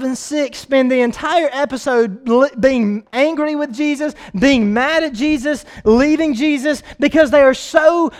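High-voiced preacher, dramatic swings. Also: male voice, clear, resonant tone. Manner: dramatic, swings from shouting to quiet. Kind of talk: sermon.

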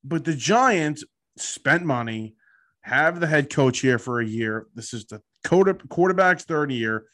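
A man's voice: fairly high pitch, animated, unhurried, fairly bright tone. A man co-hosting a sports podcast, talking bluntly and laid-back, saying he is tired. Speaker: podcast co-host. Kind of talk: casual sports chat.

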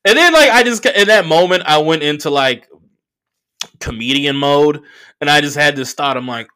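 A man in his thirties from the Bay Area talks through a solo podcast episode, storytelling with loose profanity and mocking voices. His voice sits fairly high for a man and swings widely in pitch. The tone is bright and edged. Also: animated, moderate pace, clean tone. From San Francisco Bay Area. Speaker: podcast host.

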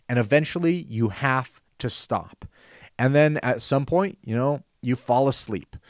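Male talk-show host, earnest and deliberate, repeats for emphasis; dry booth sound. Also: medium pitch, dry recording. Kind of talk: Christian talk show monologue.

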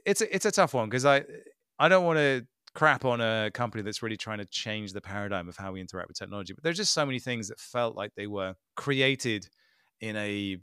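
Man, podcast co-host, sardonic and lively, clean close dry sound. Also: fairly low pitch, clear, resonant tone, no echo. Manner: animated, mocking impressions, sarcastic. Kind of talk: casual tech podcast chat.

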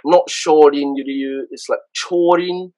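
A man with a London accent, a podcast guest and karate instructor, telling stories casually in an animated way, with frequent restarts. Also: a little high, slow pace, rough recording. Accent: London English. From London, England. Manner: animated, acts out others' voices, frequent restarts. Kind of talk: casual storytelling.

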